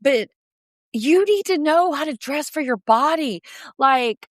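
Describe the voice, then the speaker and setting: A woman's voice: high-pitched, animated, slow pace, no echo, studio quality. A woman co-hosting a podcast, ranting casually and with profanity as she recaps a reality show. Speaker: podcast co-host.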